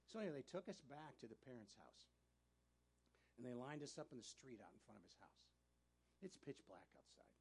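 A man preaching, telling a personal story in a sermon, animated and often laughing as he talks. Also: medium pitch, a little fast, breathy edge.

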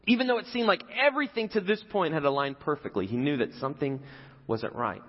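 Animated preacher in an echoey hall. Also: male voice, on the high side, fast talker, husky, highs cut off. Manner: conversational, asks the audience questions. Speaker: pastor. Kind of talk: sermon.

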